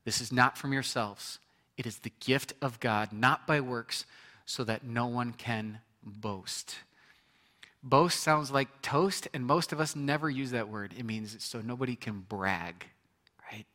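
Man, pastor, sermon, bright forceful voice, conversational asides. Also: mid-range voice, measured pace. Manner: conversational preaching with repetitions and asides.

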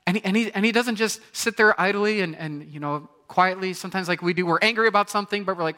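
A man preaching a sermon, animated, acting out voices and swinging from loud exclamations to hushed, quiet lines. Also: sits high, fast talker, few pauses. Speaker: pastor. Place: church.

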